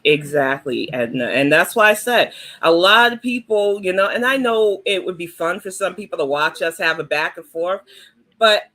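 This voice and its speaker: Outspoken middle-aged New woman panelist, bright and forceful tone, plain-spoken. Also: on the low side, expressive, normal speed. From New York. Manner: blunt and outspoken. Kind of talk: casual panel chat.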